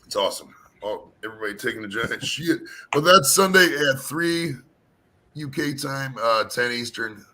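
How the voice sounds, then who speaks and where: A man hosting a live-streamed panel chat, hoarse from talking all day, rambling casually and swearing a lot. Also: medium pitch, expressive, moderate pace, bright, forceful tone, slight background noise, rough recording. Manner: rambling, profane, laid-back. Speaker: panel show host.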